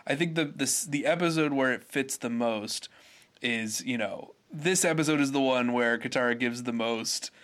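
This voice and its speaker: A man's voice: medium pitch, normal speed, fairly bright tone. A man co-hosting a casual podcast chat, talking hesitantly with frequent fillers and restarts. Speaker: podcast co-host.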